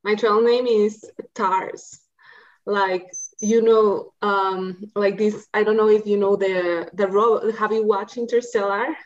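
A woman's voice: medium pitch, steady tone, slow, muffled recording. Woman, searching for words. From Mexico. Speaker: podcast guest. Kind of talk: casual interview.

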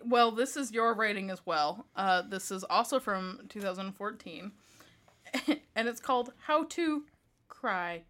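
A woman's voice: medium pitch, animated, unhurried, fairly bright tone. A young woman co-host, teasing and giggling as she reacts and reads aloud. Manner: giggly, teasing, laughs often. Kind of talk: casual banter and mock reading.

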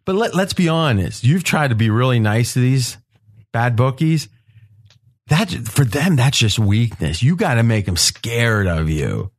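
A man hosting a betting podcast roundtable, telling stories in an animated way and laughing often. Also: mid-range voice, a little slow. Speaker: podcast host. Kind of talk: casual roundtable talk.

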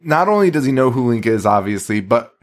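Excitable, foul-mouthed man on a podcast. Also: medium pitch, brisk. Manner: profane, laughs constantly, excitable. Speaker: podcast co-host. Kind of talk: casual chat.

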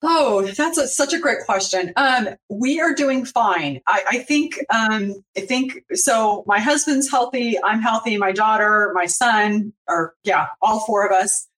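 A woman's voice: a little high, unhurried, hardly any pauses, fairly bright tone. A woman joining a live interview by video call as a guest, speaking upbeat and playful. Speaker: guest, business advisor. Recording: distant from the mic.

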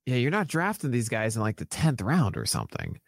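A man's voice: mid-range voice, huge pitch swings, a little fast, creaky, dry recording, clean studio sound. A man co-hosting a fantasy baseball podcast, talking in a casual, enthusiastic and jokey way.

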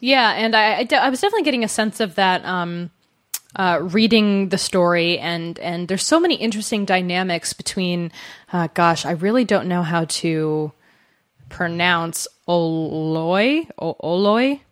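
A woman's voice: fairly low pitch, normal speed, dry recording, studio quality. A woman co-hosting a podcast, discussing a novel in a chatty, hesitant way with many fillers. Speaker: podcast co-host. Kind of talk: casual book discussion.

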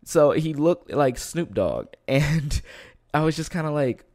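A man co-hosting a casual chat, animated, laughing often and trailing off into fillers. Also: fairly high pitch, measured pace, dry recording, clean studio sound. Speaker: co-host.

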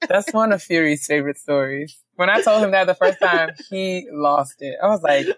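A woman's voice: on the low side, normal speed, dry recording. A young woman co-hosting a casual chat podcast, joking and laughing often as she tells stories. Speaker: podcast co-host.

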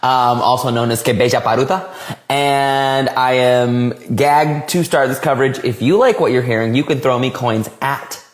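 A man hosting a podcast in campy, excitable casual chat, swearing freely and gushing over his guest. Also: mid-range voice, moderate pace. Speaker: podcast host.

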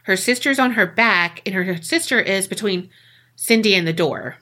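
A woman's voice: mid-range voice, moderate pace, bright, forceful tone. A woman co-hosting a podcast, telling a spooky story in a chatty, casual way and swearing freely. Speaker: podcast co-host.

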